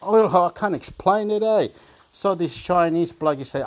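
Chatty rambling man reading web pages aloud. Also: sits high. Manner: chatty, exclaiming and laughing, halting and repeating words. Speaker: vlogger reading websites aloud. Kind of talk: casual rambling commentary.

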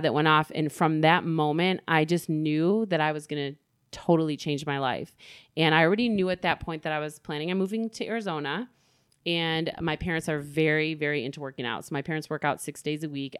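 A woman's voice: deep voice, clean tone, no room sound, studio quality. A middle-aged woman, a guest in an interview, speaking candidly and openly about her own life. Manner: candid, open, swearing freely.

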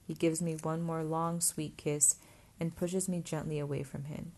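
Low-voiced woman narrating an audiobook. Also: flat delivery, moderate pace, vocal fry, warm tone. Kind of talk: first-person audiobook narration.

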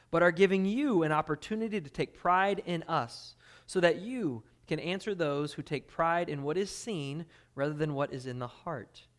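A man preaching a sermon as pastor, swinging between hushed intensity and loud emphasis while reading scripture. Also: high-pitched. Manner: dynamic preaching, drops to quiet intensity then swells loud.

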